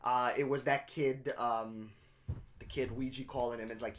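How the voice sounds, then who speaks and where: A man's voice: medium pitch, normal speed, slight background noise. A young man co-hosting a casual podcast, retelling a TV episode with lots of swearing and laughter. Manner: animated storytelling, frequent swearing and laughter. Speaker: podcast co-host.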